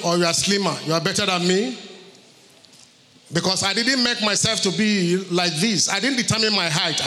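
A pastor preaches to his congregation, using repetition to hammer his points home. His high-pitched voice is bright and forceful, and the church hall gives the recording a long reverb.

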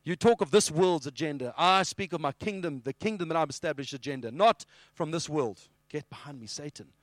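A man preaching a sermon with animated storytelling. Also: a little high, brisk, no room sound, clean studio sound. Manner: animated storytelling, acting out scenes.

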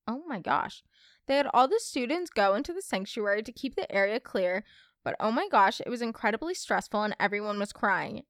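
A young woman hosts a casual storytime podcast, chatty and expressive as she reads listener stories aloud. Her slightly high voice swoops up and down a lot. The sound is dry and close. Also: no echo. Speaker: podcast host.

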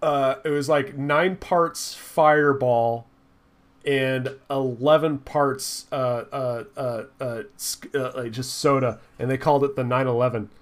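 A man's voice: mid-range voice, steady tone. A young man co-hosting a podcast in casual chat, joking and laughing often. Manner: joking, laughs often, quick bursts of mock voices. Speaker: podcast co-host.

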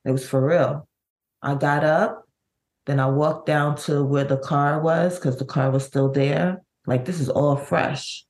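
A woman's voice: low-pitched, fairly even intonation, a little mellow. Middle-aged woman recounting a painful memory. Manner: halting, vivid recounting with many restarts. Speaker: guest, bereaved mother. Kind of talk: emotional personal storytelling.

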